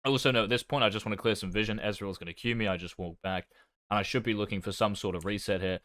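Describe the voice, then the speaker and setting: Man, fairly low voice, casual coaching commentary, swears freely, self-mocking, dry close sound. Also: fairly even intonation, fast talker, a bit bright, no room sound. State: talking with his mouth full. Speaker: jungle coach reviewing his gameplay.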